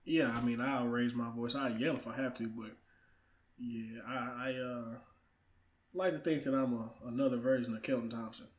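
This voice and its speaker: A man's voice: medium pitch, steady tone, normal speed. A young man, a guest on a casual podcast, talking with confident, playful bravado about family and coaching. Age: young adult. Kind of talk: casual chat.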